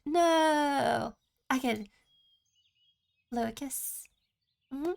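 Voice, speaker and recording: Chatting loosely with her stream as she plays, this woman reads chat out loud and lists what she's able to do. Her voice is high-pitched and gravelly.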